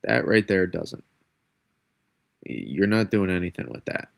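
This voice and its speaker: A congested man delivers a rambling, self-correcting weather forecast on a live stream, his casual sentences frequently restarting. The voice is low and sing-song with vocal fry, measured in pace, and recorded cleanly in a studio with no room sound.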